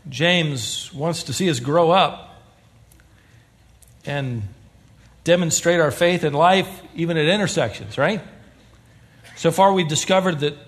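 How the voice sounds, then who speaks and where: A man preaching a sermon to a church congregation, telling stories with humor. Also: fairly high pitch. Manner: animated storytelling with humor. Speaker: pastor.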